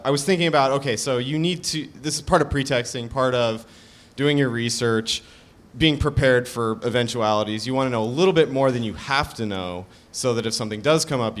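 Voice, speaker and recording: Brief: male co-host, mid-low voice, calm explainer, talks through ideas step by step. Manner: measured, explains like a teacher, some restarts. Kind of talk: casual explanatory chat.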